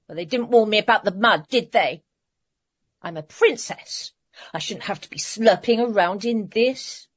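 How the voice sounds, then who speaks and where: A woman playing a fussy, vain princess past her prime in an amateur radio play, prissy and complaining. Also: on the high side. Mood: grumbling. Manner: prissy, grumbling, posh. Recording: slightly muffled radio play recording.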